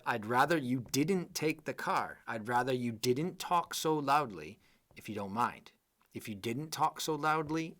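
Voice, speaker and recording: A man's voice: mid-range voice, fairly bright tone. A man teaching a live online English exam class, explaining patiently and often checking in with "okay?" and "right?".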